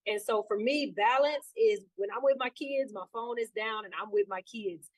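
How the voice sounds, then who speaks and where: A woman's voice: on the high side, normal speed, no echo, rough recording. A woman guest in a casual interview, upbeat and talking freely with many fillers. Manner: upbeat, lots of fillers like "you know". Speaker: guest, trainer and sailor.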